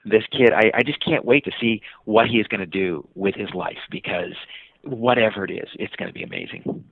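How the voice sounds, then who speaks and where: A man telling a travel story on a podcast, an animated storyteller who uses many fillers, heard over a tinny phone line. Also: lowish voice, a little fast, no room sound. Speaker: guest, traveler and author.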